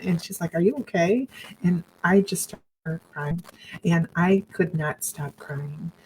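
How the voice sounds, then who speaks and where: A woman's voice: on the low side, darkish tone, slight background noise, rough recording. A middle-aged woman earnestly recounting her own story to viewers on a broadcast, with reflective, faith-filled phrasing. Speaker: survivor sharing her story on a live broadcast.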